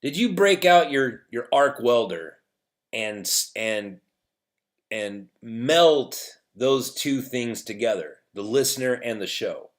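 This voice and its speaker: A man's voice: mid-range voice, expressive, takes it slowly. A man hosting an opinion show, telling a rambling story with restarts and sarcastic jabs. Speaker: podcast host.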